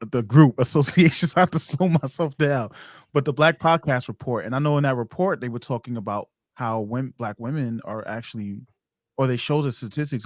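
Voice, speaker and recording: A man's voice: medium pitch, no room sound, clean studio sound. A man with a New York accent interviewing a guest in a casual, easygoing way, joking and chiming in with short replies. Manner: easygoing, jokes and laughs, backchannels.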